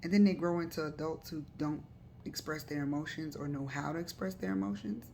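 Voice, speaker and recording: A woman with a low, warm voice and some vocal fry hosts a live talk stream, giving viewers casual advice at a fairly quick pace. She's chatty and loose, repeating words and leaning on fillers, with slight background noise behind her.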